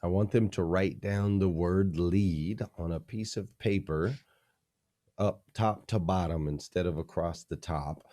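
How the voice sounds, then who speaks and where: A man's voice: deep voice, unhurried, warm tone. A man, a leadership coach, being interviewed on a podcast, teaching energetically in punchy, repeated phrases.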